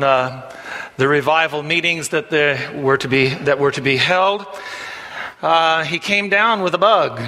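Male pastor, bright, slightly high voice, folksy sermon delivery with filler pauses, long church reverb. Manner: folksy storytelling with frequent "uh" fillers, rising for punchlines.

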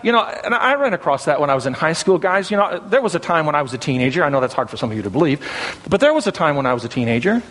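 High-voiced Southern preacher in a reverberant sanctuary. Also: male voice, very animated, racing, fairly bright tone. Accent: Southern American. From American South. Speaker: pastor. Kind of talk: sermon. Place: church sanctuary.

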